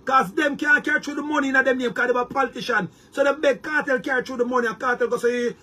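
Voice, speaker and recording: A man's voice: very high-pitched, fairly even intonation, quick pace, bright, forceful tone. A Jamaican man delivering a heated, boastful monologue to his viewers, repeating words and restarting often. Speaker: online commentator.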